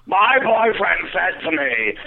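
A man voicing a loud young woman who is hard of hearing, speaking slowly and shrilly. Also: very animated, creaky, full character voice. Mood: blunt. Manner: shrill and halting. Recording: tinny phone-like audio.

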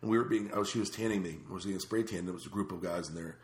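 A man's voice: sits low, very fast. A man telling a long rambling story in casual chat, with many fillers and restarts. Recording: echoey room.

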